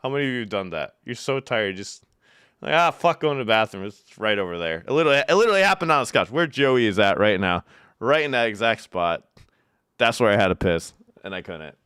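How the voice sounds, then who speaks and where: A man's voice: mid-range voice, animated, fairly quick, a bit bright, clear, resonant tone, no echo, clean studio sound. A young man from upstate New York chatting casually with his live chat from home, reading out messages and telling loose, profane stories with bursts of laughter. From Syracuse, New York. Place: home room.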